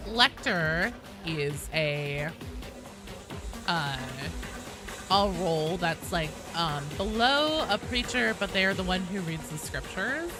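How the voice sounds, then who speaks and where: A chatty gaming streamer talking to chat in a deliberately raised voice that swings animatedly up and down. Music plays clearly underneath. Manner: chatty, reads and answers chat; talks in a raised pitch on purpose to avoid vocal fry. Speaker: gaming livestream host. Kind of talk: casual live-stream chat while gaming.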